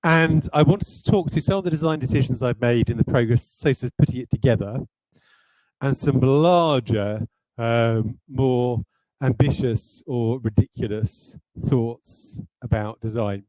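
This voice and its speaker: In this low-quality recording with no room sound, a male game designer rambles through design ideas during a livestreamed talk, hesitating often and poking fun at himself. He speaks unhurriedly in a mid-range, slightly mellow voice.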